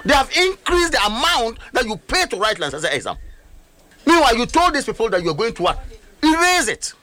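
A man's voice: extremely high pitch, very animated, a little fast, pushed and bright, no echo. A middle-aged man with a Ghanaian accent giving heated political commentary, emphatic and full of rhetorical questions. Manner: emphatic, rhetorical, switches between languages.

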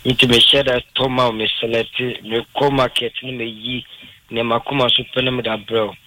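A man's voice: medium pitch, flat delivery, brisk, sharp tone, no echo, low-quality recording. A man with a Ghanaian accent calling into a radio show, emphatic and repeatedly addressing the host by name. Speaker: radio caller. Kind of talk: phone-in chat.

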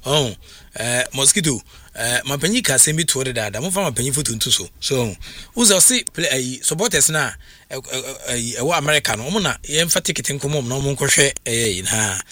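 A man's voice: medium pitch, lively intonation, brisk, sharp tone, dry recording. A Ghanaian man hosting a sports radio talk show, chatting loosely with many fillers.

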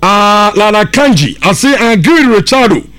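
A man hosting a sports radio show, reading out listener messages in a brisk, casual way. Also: high voice, sing-song, fairly bright tone.

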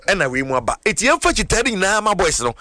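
A man with a Ghanaian accent hosting a sports chat, animated and mixing Twi with English. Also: high-pitched, rapid-fire. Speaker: sports show host.

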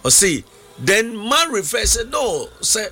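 A man's voice: sits high, sing-song, takes it slowly, bright, forceful tone, slightly rough. A man interpreting a sermon, echoing and finishing the preacher's phrases.

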